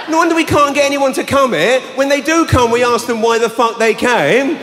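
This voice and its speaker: A man performing live stand-up comedy, telling a story with animated bursts of shouting. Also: very high-pitched, normal speed, noisy background. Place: large arena stage. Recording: live arena with long reverb.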